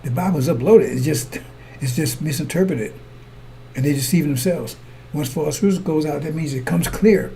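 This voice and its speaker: A man's voice: on the high side, moderate pace, creaky, dark tone, slight background noise. A man preaching a sermon, talking in circles and checking with his brothers and sisters that they follow. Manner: repetitive, asks listeners to follow along; addresses congregation as brothers and sisters.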